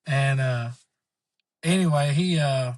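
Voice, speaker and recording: A podcast guest tells a long, rambling story in casual storytelling style, acting out the voices of the people in it with animation. His voice is medium-pitched and slow, with no echo.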